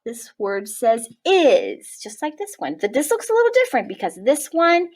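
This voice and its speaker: A woman teaching a kindergarten writing lesson, encouraging and spelling words out slowly for young children. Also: high-pitched, wildly swooping pitch. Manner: warm, encouraging, slow-spelling teacher talk. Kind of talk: early-years writing lesson.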